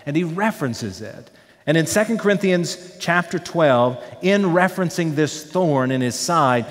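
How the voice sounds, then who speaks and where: Earnest pastor preaching in a reverberant hall. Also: male voice, fairly high pitch. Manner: earnest, with wide swings between loud emphasis and quiet trailing lines. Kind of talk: sermon. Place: church sanctuary.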